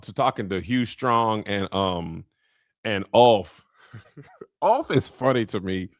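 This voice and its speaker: A man's voice: medium pitch, no echo. A man giving a comedic recap of a TV episode, telling it as a story and acting out the characters in slangy voices, recorded in a studio. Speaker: show recap host. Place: podcast studio. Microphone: studio mic.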